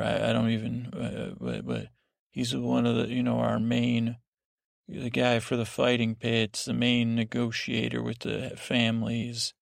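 Male sleep-podcast host, heavy vocal fry, dry close sound, slow rambling recap with lots of restarts. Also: mid-range voice, no echo. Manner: meandering, digressive, with many restarts and fillers.

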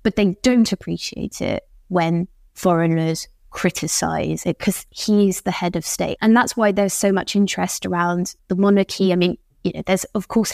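A woman's voice: on the low side, vocal fry, a little mellow, no echo, studio quality. A woman, a think tank policy expert, talking in a podcast conversation. She explains at length and acts out quoted speakers as she goes.

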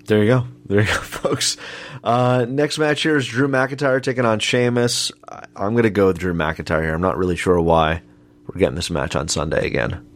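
Low-voiced man hosting a wrestling show. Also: normal speed. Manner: announcer-like, addressing listeners as folks. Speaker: podcast host. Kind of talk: casual wrestling predictions.

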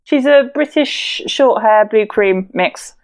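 A woman's voice: a little high, takes it slowly. A woman player in a tabletop game, chatting casually and prone to fits of giggles. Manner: chatty, easily breaks into giggles. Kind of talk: casual tabletop play chat.

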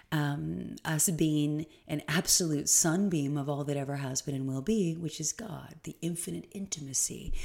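A woman's voice: low voice, gravelly, warm tone. A woman hosting a solo spiritual podcast, talking in a rambling, stream-of-consciousness way with emphatic moments. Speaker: podcast host.

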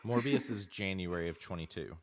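Male podcast host, low voice, easygoing and steering the conversation. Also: brisk, crowd noise. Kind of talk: casual chat.

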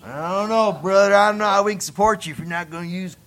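Guy doing a loud southern hillbilly pastor, drawly and pushy, sounds kinda bright. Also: high-pitched, quick pace. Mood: doubtful. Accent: American Southern.

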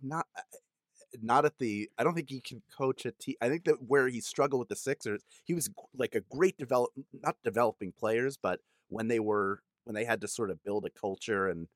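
A man's voice: mid-range voice, moderate pace, dry recording, clean studio sound. A man co-hosting a podcast, chatting casually and giving earnest opinions. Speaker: podcast co-host. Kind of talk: casual chat.

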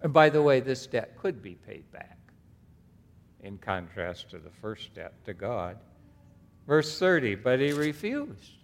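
Emphatic pastor in an echoing church. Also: male voice, fairly low pitch, expressive, unhurried, creaky, pauses often. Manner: emphatic, reads scripture aloud with asides and rising stresses. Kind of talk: expository sermon. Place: church sanctuary. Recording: long hall reverb.

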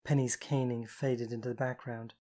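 An audiobook narrator telling a first-person story. The delivery is even and intimate, with a steady voice of middling pitch. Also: moderate pace.

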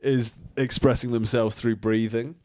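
A man co-hosting a comedy podcast from his living room, joking in a deadpan casual chat. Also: medium pitch, unhurried, crowd noise. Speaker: podcast co-host.

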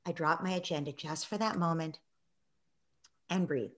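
A middle-aged woman telling a story in a conversation, acting out quoted voices and sinking to a soft near-whisper in reflective moments. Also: sits low, normal speed. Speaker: guest, parenting author.

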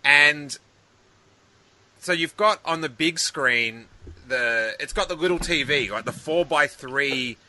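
A man co-hosting a podcast, telling rambling, animated stories in casual chat with many restarts. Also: a little high, slow. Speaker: podcast co-host.

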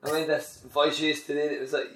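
A man's voice: fairly high pitch, little pitch movement, fast, a bit bright, faint music behind. Man in an echoey room. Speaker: podcast co-host.

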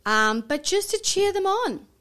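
A middle-aged woman speaks as a guest in a relaxed interview, her voice pitched high. She tells stories with lively energy and slips into the voices of the people in them. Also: measured pace. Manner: animated storytelling, acting out family voices. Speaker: guest, naturopath and nutritionist. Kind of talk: casual interview chat.

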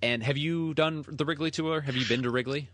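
A man's voice: fairly high pitch, brisk, a bit bright, no room sound. A man co-hosting a sports podcast, chatting casually and telling stories with enthusiasm and easy laughter. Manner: enthusiastic storyteller, laughs easily. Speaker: podcast co-host. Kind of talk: casual chat.

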